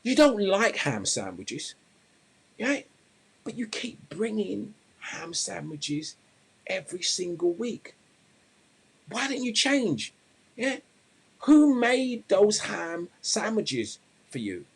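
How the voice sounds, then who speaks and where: A fed-up coworker challenges his friend with incredulous, pointed questions, as a man puts him on in a told story. His voice is pitched high and pushed hard. It has a husky edge. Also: sing-song, fairly quick, darkish tone, full character voice. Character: blunt, fed-up adult male work colleague.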